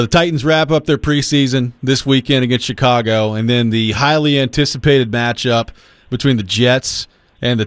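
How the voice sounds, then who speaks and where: A man's voice: medium pitch, clear, resonant tone, no room sound. A man hosting a sports talk show, setting up a question with a wry joke. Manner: wry, joking setup before questions.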